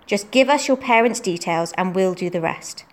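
A woman reading aloud voices a kind, refined older lady with a gentle, soothing way of speaking. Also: medium pitch, expressive, moderate pace, lightly acted.

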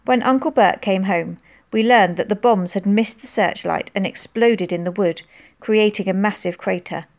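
A woman narrating a children's novel as an audiobook, reading expressively and lifting her voice for the characters' lines. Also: moderate pace. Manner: expressive, voicing dialogue with lifted pitch.

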